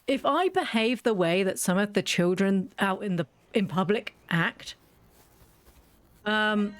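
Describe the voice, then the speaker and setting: A British woman, a YouTuber playing a game, rants bluntly and swears freely as she chats through casual gameplay commentary. Her voice sits at a medium pitch, and the recording is dry.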